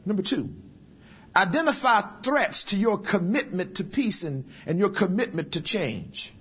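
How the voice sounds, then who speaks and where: Man preaching, kinda high voice, jokey folksy sermon. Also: animated, a little slow, fairly bright tone, slightly rough. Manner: humorous, folksy preaching with acted asides. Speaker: pastor.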